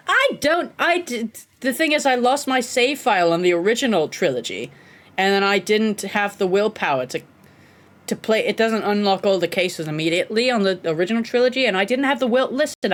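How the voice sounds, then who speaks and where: Chatty woman streamer, lively pitch. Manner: chatty, laughing asides to chat. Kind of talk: casual gameplay commentary.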